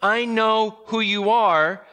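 A man voicing a demon crying out from a possessed man, loud and raised. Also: high-pitched, takes it slowly, big-room sound, pitched above the performer's own voice, heavily acted.

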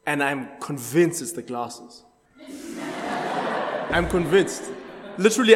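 A man leading an interactive Bible study, chatty, laughing often and quizzing the group. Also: sits high. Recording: echoey hall.

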